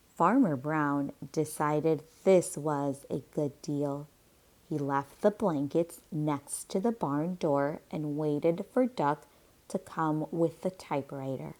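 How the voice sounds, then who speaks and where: A woman teacher reading a picture book aloud slowly and deliberately, pausing for comprehension questions. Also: low voice, darkish tone. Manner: slow, deliberate read-aloud.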